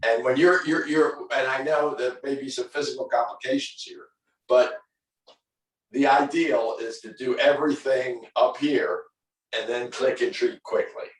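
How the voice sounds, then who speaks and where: A man's voice: mid-range voice, fairly even intonation, a little slow, roomy sound, poor audio. A man coaching a dog owner through training drills, firm and corrective, repeating his instructions. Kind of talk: hands-on coaching over a call.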